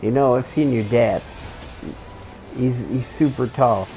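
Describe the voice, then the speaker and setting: Gravelly-voiced man rambling through a story. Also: mid-range voice, measured pace, dark tone, soft background music, low-quality recording. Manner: swears freely, restarts sentences. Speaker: game streamer.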